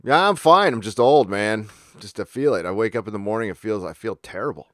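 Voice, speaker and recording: A middle-aged man from San Diego hosts a casual livestream, his voice sitting low and sounding dry and close with little room around it. He rambles through stories in a relaxed, foul-mouthed way and keeps jumping into sudden high-pitched bursts. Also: a little fast, no room sound. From San Diego, California. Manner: laid-back, profane storytelling with sudden high-pitched outbursts. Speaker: livestream host.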